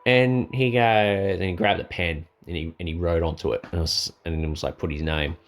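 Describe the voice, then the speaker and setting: Aussie guy telling a story from his life, kinda low voice, animated, acts out the dialogue and laughs at his own jokes. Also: brisk. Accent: Australian. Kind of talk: casual personal storytelling.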